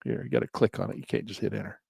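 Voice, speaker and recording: Gravelly, chatty man talking stocks. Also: lowish voice, steady tone, rapid-fire, a little mellow, dry recording. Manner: chatty, folksy, self-amused. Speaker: investing vlogger. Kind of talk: casual screen-share commentary.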